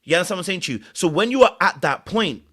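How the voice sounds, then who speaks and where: Animated man, bright lively voice. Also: high voice, quick pace. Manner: animated, playful, laughs at himself, repeats words. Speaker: podcast host. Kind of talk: casual commentary.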